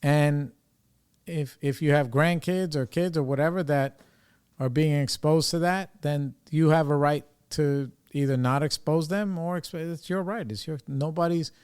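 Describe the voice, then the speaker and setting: A man's voice: fairly high pitch, measured pace, darkish tone, clean tone. A man from New York with a New York accent, hosting a recovery podcast in a casual, rambling monologue, loose and profane, full of "you know" and "like.".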